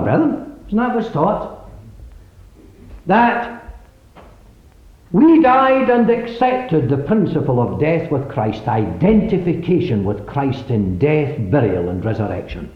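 A man preaching a sermon, emphatically questioning the congregation, with sudden swings in loudness. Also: medium pitch, big pitch swings, unhurried. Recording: echoey, dull lo-fi recording.

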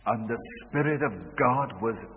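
Slow-speaking preacher in a reverberant hall. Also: male voice, medium pitch, animated, a little hiss or hum. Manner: swings from loud urgent calls to hushed quiet storytelling. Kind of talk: sermon with told story. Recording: dull sound with long hall reverb.

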